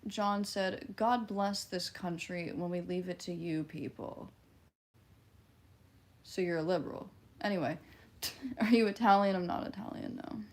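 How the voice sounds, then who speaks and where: A woman's voice: fairly low pitch, a little slow, pauses often, darkish tone. A woman with a Midwestern twang, casually chatting on a livestream and answering viewer comments in a blunt, offhand, profane way.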